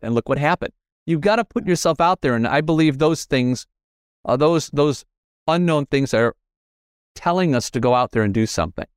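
A man hosting a casual interview, talking with enthusiasm and sudden leaps in pitch. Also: expressive, moderate pace, clear, resonant tone, no echo, clean studio sound. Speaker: podcast host. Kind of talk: casual conversation.

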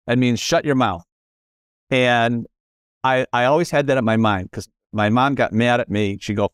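A man in a relaxed conversation, spinning personal anecdotes and slipping into other people's voices as he quotes them. His voice sits at an ordinary middle pitch. The recording is dry and close, with no room sound. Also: moderate pace, no room sound. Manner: storytelling, animated quoting of others. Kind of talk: casual conversation.

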